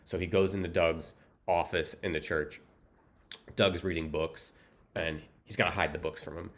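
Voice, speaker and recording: A man casually recapping a film plot with deadpan humor, rambling and filling gaps with "um" and "like". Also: low-pitched, normal speed. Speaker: movie recap host.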